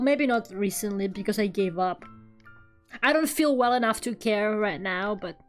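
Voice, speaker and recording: A fairly high-voiced woman chatting on a live drawing stream, rambling from one story to the next. She swears casually and breaks into laughs. Soft music plays faintly behind her. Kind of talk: casual chat while drawing.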